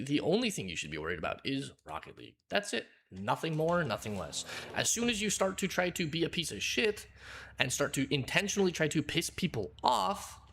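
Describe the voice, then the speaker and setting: A male game streamer in a heated rant at a viewer, blunt and profane. He hammers the same points over and over with a very animated, swinging pitch. A faint hum of room ambience sits behind him. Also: creaky. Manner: lectures in a hammering, repetitive way.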